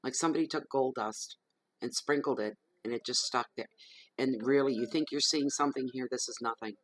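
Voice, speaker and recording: A man gives a tarot reading to camera at home in the evening. He talks in a chatty, rambling way and slips into soft, murmured invocations. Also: medium pitch, brisk, dry recording, poor audio. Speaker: tarot reader. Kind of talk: casual chat to camera during a tarot reading. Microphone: camera microphone.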